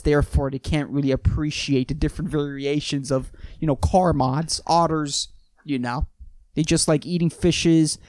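A young man hosts a solo podcast with a slightly higher voice than most men. He rambles and swears, says "dude" at every turn, and chuckles at his own jokes. The recording is close and dry, with no room sound. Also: a little mellow, smooth, no echo. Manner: rambling and profane, peppers every sentence with "dude". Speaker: podcast host.

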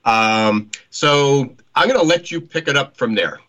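Man, podcast host, bright forceful tone, loose and friendly. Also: mid-range voice, lively intonation, unhurried, rough recording. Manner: loose and friendly, stumbling over words. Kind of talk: casual chat.

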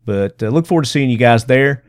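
Male podcast host, casual and upbeat, medium pitch, dry close sound. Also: expressive, brisk, clear, resonant tone, no room sound. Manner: chatty, upbeat, joking.

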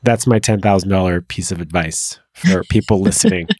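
A man's voice: deep voice, normal speed, a little mellow, no room sound, clean studio sound. A man hosting a podcast interview, frankly sharing a personal story.

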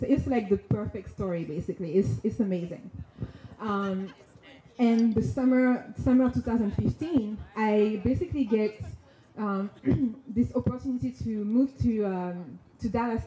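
A young woman telling a personal story on stage, animated and slangy, laughing often. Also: medium pitch. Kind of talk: personal story told to an audience. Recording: dull, roomy sound with faint noise.

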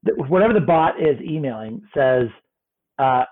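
Animated man on a tinny line. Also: mid-range voice, moderate pace. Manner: animated, swears and laughs often. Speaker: podcast co-host. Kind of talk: casual chat.

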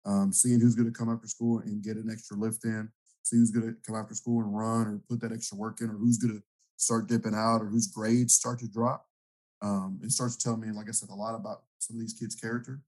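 A man with a low voice and an even, steady delivery, a football coach rambling comfortably about his players. He talks in loose, casual sentences full of ums and restarts, and his pitch barely climbs or dips. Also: brisk, rough recording. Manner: relaxed, rambling coach talk with fillers. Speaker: high school football coach, guest. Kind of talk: casual podcast interview.

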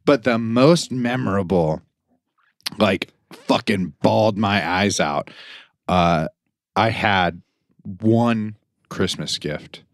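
A man's voice: fairly low pitch, slow pace, gravelly, long pauses, no echo, studio quality. A man co-hosting a podcast in casual chat, telling rambling stories and swearing freely. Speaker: podcast co-host.

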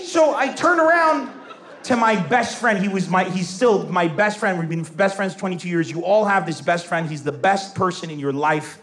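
A man telling a stand-up comedy story, acting out voices and shouting his punchlines. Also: high voice, fairly quick. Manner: animated, acts out voices, laughing, shouting punchlines. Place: stage before a live audience. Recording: roomy venue with faint crowd and noise.

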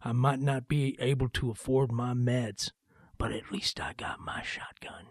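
A gruff Southern gun-loving man, as a rock musician puts him on mutters low and defiant. He sinks into a near whisper and speaks from a very dry, close sound. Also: fairly even intonation, measured pace, dry recording.

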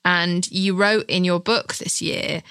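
Bright enthusiastic woman host, dry sound. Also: lowish voice, fairly even intonation, gravelly, clear, resonant tone, no room sound. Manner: enthusiastic, quick, reads aloud with laughter. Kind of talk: interview chat.

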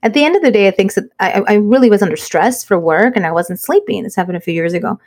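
A woman's voice: medium pitch, fast, darkish tone. A middle-aged woman co-hosting a casual chat among friends, telling stories animatedly and slipping in Spanish phrases. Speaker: podcast co-host.

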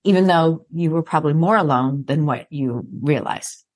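A woman's voice: sits low, moderate pace. A woman hosting a podcast interview, responding in a reflective, affirming, nonjudgmental way. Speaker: podcast host. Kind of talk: conversational interview.

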